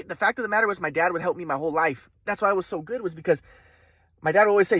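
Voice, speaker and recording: A man telling a personal story in a fast, repetitive, aggrieved monologue. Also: sits high, fairly bright tone, slightly rough, dry recording, studio quality. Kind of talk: rambling monologue.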